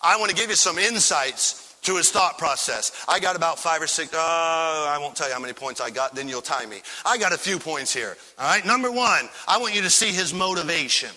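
A man preaching a sermon as pastor of a church, talking with animated enthusiasm and firing off repeated rhetorical questions. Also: fairly high pitch, brisk, few pauses, in a large hall, low-quality recording. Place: church sanctuary.

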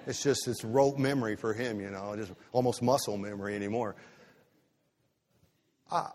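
A male pastor preaching a sermon, drawing words out for emphasis and breaking into sudden loud rises. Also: fairly low pitch, fairly even intonation, normal speed, pauses often, in a large hall.

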